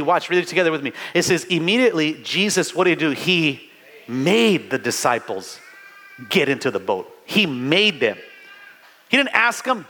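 A man's voice: fairly high pitch, pushed and bright, slight background noise. A middle-aged man, a pastor, preaching a fervent sermon in a church, calling out to the congregation and restarting his phrases. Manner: fervent, call-and-response preaching with many restarts.

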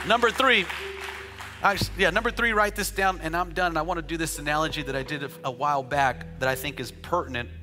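A man preaching a sermon as a pastor, chatting and joking with the congregation before building up to loud, rhythmic declarations. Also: on the high side, fast talker, music in the background, a crowd in the background. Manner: conversational preaching with jokes, rising to shouted declarations.

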